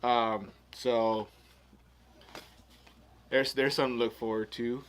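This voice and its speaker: A man's voice: medium pitch, flat delivery, slow pace, a little hiss or hum. A man giving a casual, rambling food review while he eats. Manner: rambling, chatty while eating.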